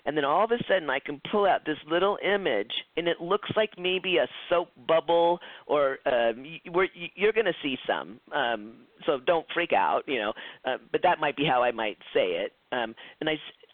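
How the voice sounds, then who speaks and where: A man's voice: a little high, expressive, fairly quick, no echo. Chatty man teaching over a tinny line. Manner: chatty, acts out quoted dialogue, frequent restarts. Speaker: psychic development instructor. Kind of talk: recorded class lecture. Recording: tinny phone-like lo-fi, dry.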